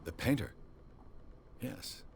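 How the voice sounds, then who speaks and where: An actor playing a cynical, world-weary private detective in a video game, speaking tersely and dryly. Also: male voice, slow, a little hiss or hum, close to an everyday voice. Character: hard-bitten male private detective, cynical.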